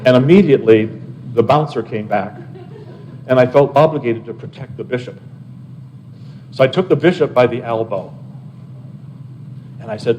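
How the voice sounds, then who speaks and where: An older man, an abbot, telling lively personal anecdotes to a live audience and chatting with his listeners as he goes. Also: medium pitch, normal speed, pauses often, slight background noise, low-quality recording. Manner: animated anecdotal storyteller, chats with listeners.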